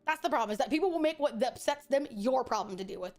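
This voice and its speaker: A woman streamer with a high voice chats casually while she plays a game. She is blunt, profane and opinionated, and she speaks her mind. Nothing she says is held back. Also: animated, quick pace. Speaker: VTuber streamer. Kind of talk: casual chat while gaming.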